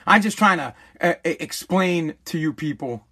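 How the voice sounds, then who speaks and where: A man with a strikingly high-pitched voice rants straight into the camera in a vlog. He swears freely, gets worked up and stumbles over repeated words as he talks as a small business owner. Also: lively intonation, moderate pace, long pauses, pushed and bright. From United States. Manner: profane, agitated, stammering repeats. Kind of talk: ranting vlog monologue.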